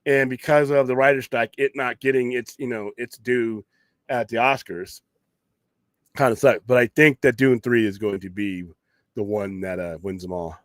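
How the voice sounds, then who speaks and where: A man's voice: medium pitch, steady tone, moderate pace, dry recording. A man hosting a late-night geek talk show, rambling casually with strong opinions, frequent restarts and some swearing. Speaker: podcast host.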